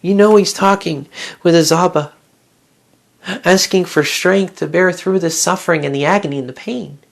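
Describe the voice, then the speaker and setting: A woman's voice: fairly low pitch, normal speed, vocal fry. A woman giving a devotional Bible talk in an earnest, reflective way, asking her listeners one question after another. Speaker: Bible teacher.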